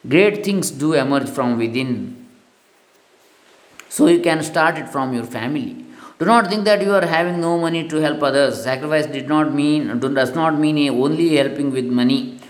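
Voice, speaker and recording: An earnest man reads a spiritual lesson aloud, moralizing in a steady voice that sits a little high. The recording carries a noticeable room echo. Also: moderate pace. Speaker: spiritual teacher. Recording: echoey room.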